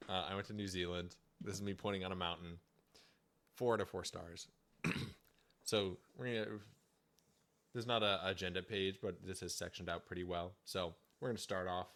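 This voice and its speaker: A young man with a low, deep voice talks through a slideshow on a livestream. His delivery is chatty and jokey, loose and casual, with easy humor running throughout. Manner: jokey, chatty, laughs often. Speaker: student presenter livestreaming.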